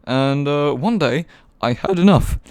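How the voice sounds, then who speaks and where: A man's voice: on the high side, expressive, unhurried, a little mellow, smooth. A young man with an English accent, co-hosting a casual podcast and telling a story with many fillers and swearing. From England. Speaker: podcast co-host.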